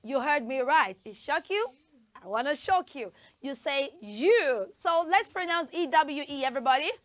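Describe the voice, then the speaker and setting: A woman presenting a children's pronunciation lesson, spelling words out letter by letter and leading lively call-and-response drills. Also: sits high, moderate pace, dry recording.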